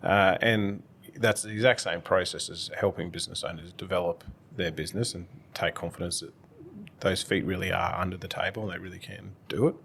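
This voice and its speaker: A man, a guest accountant speaking in a measured, reflective way as he gives advice in casual conversation. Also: low voice, steady tone, vocal fry, fairly bright tone, slight background noise.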